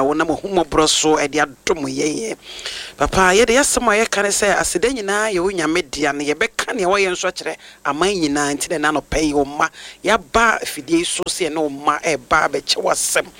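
A man's voice: a little high, brisk, pushed and bright. A man leading a fervent opening prayer, rhythmically invoking titles of God.

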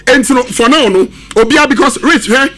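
In an extremely high-pitched, sharp voice, a football pundit speaks briskly on sports radio, switching between Twi and English as he gives forceful match analysis.

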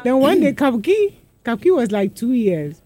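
A woman's voice: a little high, sing-song, moderate pace, warm tone. A woman co-hosting a casual chat, telling childhood anecdotes with frequent laughter. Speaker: co-host. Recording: music playing underneath.

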